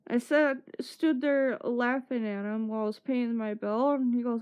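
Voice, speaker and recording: A woman's voice: on the high side, huge pitch swings, takes it slowly, smooth. A woman streamer chatting casually, telling a long story with swearing and laughter. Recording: muffled lo-fi stream audio.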